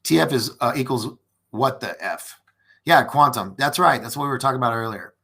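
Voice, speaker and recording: A man's voice: mid-range voice, fairly quick, vocal fry, pushed and bright, slightly rough. A man hosting a late-night live-streamed podcast, chatting casually and reading viewer comments with many restarts and fillers. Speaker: podcast host.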